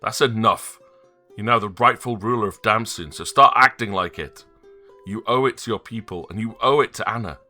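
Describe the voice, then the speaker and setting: A man's voice: on the low side, fairly even intonation, a little fast, few pauses, pushed and bright, faint music behind. A man voicing an earnest young male knight who speaks firmly and directly, reading game dialogue aloud. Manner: firm and direct.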